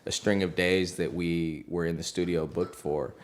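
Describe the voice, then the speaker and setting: A man's voice: sits low, fairly even intonation, normal speed. A man, a music producer, telling a studio story in a loose, slangy way, heavy on "like". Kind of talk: casual storytelling.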